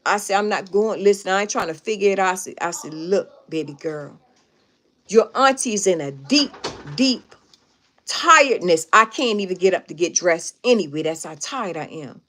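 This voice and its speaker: A woman's voice: mid-range voice, moderate pace. Emphatic woman telling a story. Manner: emphatic, repetitive, animated retelling. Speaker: live streamer. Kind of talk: casual storytelling to viewers.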